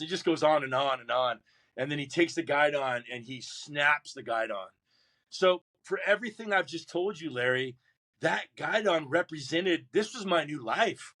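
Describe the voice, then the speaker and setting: A man with a bright, forceful voice, telling a personal story in a podcast interview. He acts out the other people in the story, jumps up in pitch for the loud parts, and keeps stopping to restart his sentences. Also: moderate pace. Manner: animated storyteller who acts out drill instructors and shouts his own replies; many restarts and repeated words. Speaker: guest, Marine veteran.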